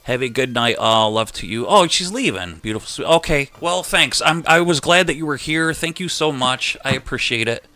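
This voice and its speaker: A man's voice: medium pitch, lively intonation, normal speed, hardly any pauses, sharp tone. A man hosting a live chat show, joking and teasing his co-host in a casual talk.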